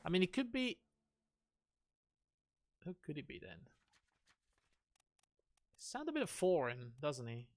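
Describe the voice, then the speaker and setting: A man's voice: fairly high pitch, very animated, takes it slowly, pauses often. A man streaming a game, chatting casually and musing aloud, asking himself questions. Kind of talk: casual gaming commentary.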